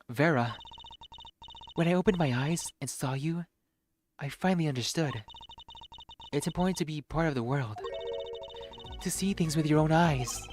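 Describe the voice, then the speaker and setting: A man reading the lines of a shy, gentle young woman artist, soft and hesitant. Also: on the high side, slight background noise, natural voice. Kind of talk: reading game dialogue aloud.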